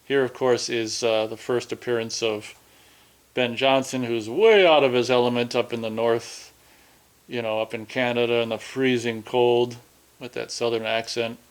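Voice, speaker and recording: A man's voice: medium pitch, fairly even intonation, normal speed. Rambling man chatting. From Minnesota. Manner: rambling, chatty, self-interrupting. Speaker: film commentator. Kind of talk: casual movie commentary.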